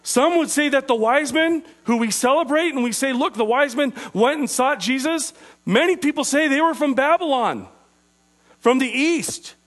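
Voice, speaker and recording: A man preaching an interactive sermon, asking his listeners questions and slowing down on key phrases. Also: extremely high pitch, fairly bright tone. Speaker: preacher teaching a group.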